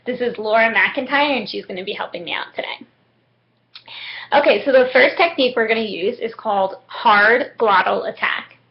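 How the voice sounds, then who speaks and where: Woman, young adult, fairly high pitch, instructional demonstration, muffled webcam recording. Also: moderate pace. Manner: patient, explanatory, with frequent "um"s. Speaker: speech therapy demonstrator.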